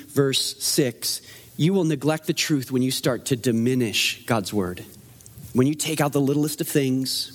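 A man preaching a sermon in a conversational, animated way, asking the room rhetorical questions. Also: medium pitch. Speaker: pastor.

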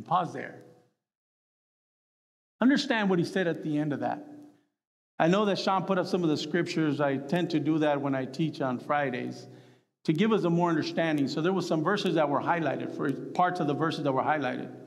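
High-voiced preacher in an echoing hall. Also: male voice, normal speed. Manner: animated, acts out quotes with voice jumps. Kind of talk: sermon. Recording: long reverb of a hall.

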